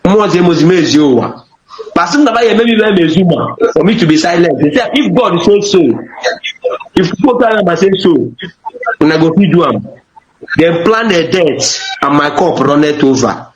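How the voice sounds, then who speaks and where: A man's voice: on the high side, lively intonation, moderate pace. A man with a Nigerian accent giving a rambling testimony, switching between languages mid-sentence. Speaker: interviewee in a news clip. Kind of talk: emotional testimony in Nigerian Pidgin and Igbo. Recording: echoey, dull lo-fi clip.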